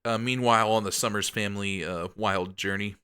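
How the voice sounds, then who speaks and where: Man, podcast co-host, rambly casual chat, bright crisp voice. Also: on the low side, steady tone, brisk. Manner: rambling, many ums and likes, upbeat. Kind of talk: casual comic recap chat.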